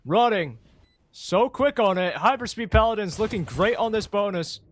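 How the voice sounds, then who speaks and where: A man casting a live esports match, calling plays quickly and rising with excitement at big moments. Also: high-pitched, slight background noise. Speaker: esports caster. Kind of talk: live play-by-play commentary.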